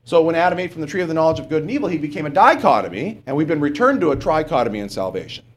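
A man's voice: on the high side, sing-song, very fast, a little hiss or hum. A male preacher giving a conversational sermon, often asking the congregation questions and adding "okay?" as he goes.

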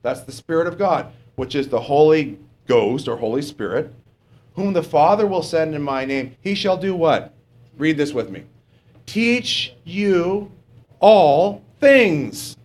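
Man preacher, conversational sermon, checks in with the congregation, animated pitch, voice sits a little high. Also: normal speed. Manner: conversational, asks the congregation questions; often adds "okay?".

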